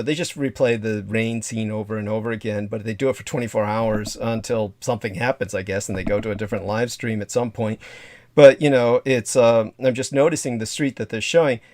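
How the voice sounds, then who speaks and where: A man's voice: mid-range voice, fairly quick, a little mellow, no room sound. A man hosting a livestream in casual, rambling chat who swears freely and drifts into asides. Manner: rambling, profane, jumps between asides. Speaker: livestream host.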